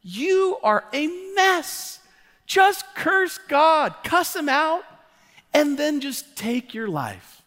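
Man putting on a high, scornful nagging wife, slow and drawn out, echoing church hall. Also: sing-song, a bit bright, heavily acted. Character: exasperated wife urging her sick husband to give up. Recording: long church hall reverb.

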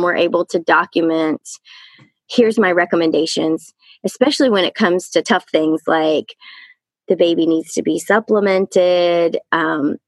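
A woman who works as a lactation consultant, talking in an upbeat, warm way in casual conversation. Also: on the low side, no echo.

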